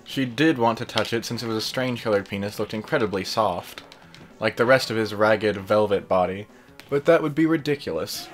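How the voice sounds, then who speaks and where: This gameplay fan fiction reading comes from a man with a fairly low, fairly even voice who talks briskly. Soft music plays behind his casual, unadorned delivery, which he interrupts with playful, distracted remarks.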